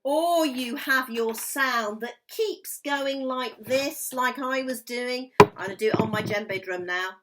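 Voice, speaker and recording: A woman's voice: high voice, slow, hardly any pauses, very noisy. A woman teaching a recorded music lesson to young children at home, in a sing-song, encouraging way that draws words out. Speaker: primary school music teacher.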